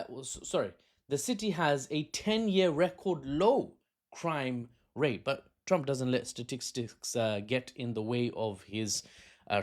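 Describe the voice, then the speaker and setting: A man at a medium pitch talks through political events in a loose, unscripted commentary. He keeps breaking off with chatty, self-mocking asides and laughs easily at himself. It is recorded on a phone camera. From Britain. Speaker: political analyst.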